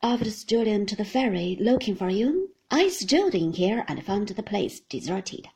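A woman narrating a classic novel in a measured, expressive storytelling manner. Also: medium pitch, vocal fry, breathy edge, low-quality recording. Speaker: audiobook reader.

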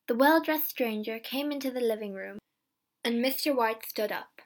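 A woman reading a simple story aloud in clear, slow narration. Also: a little high. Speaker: reader.

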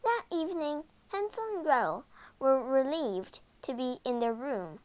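A woman narrating a children's storybook aloud in an animated, dramatic way. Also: sits high, a little slow. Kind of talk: expressive storybook read-aloud.

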